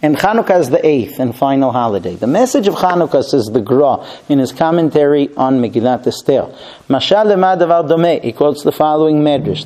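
A man's voice: mid-range voice, dark tone, poor audio. A man teaching a Torah class and telling a long parable, with fillers and restarts.

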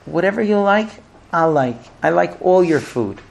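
A man's voice: high voice, animated, normal speed, creaky, voice pushed up. A man playing an exasperated husband. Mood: patient, cornered. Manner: impatient, pleading, growing frantic. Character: exasperated married man, hurried and cornered.

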